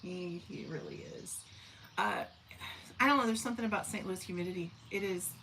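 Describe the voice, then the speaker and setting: A woman's voice: medium pitch, fairly quick, pushed and bright, a little hiss or hum, low-quality recording. A woman in her forties from southern Missouri, hosting a casual live stream, chatting folksily with viewers and talking to her dogs. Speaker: livestream host. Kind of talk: casual live chat reading comments.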